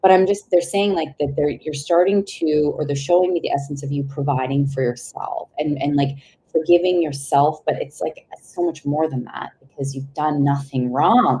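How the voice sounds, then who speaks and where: A young woman giving a live intuitive tarot reading, rambling and searching for words, with sudden excited outbursts and casual swearing. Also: low voice, moderate pace, rough recording. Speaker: tarot reader.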